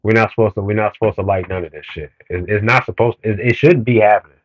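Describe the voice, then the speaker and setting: A man's voice: fairly low pitch, fast, low-quality recording. A man on a livestream, talking to his chat in a blunt, profane, heated rant that keeps building in emphasis. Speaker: streamer reading comments.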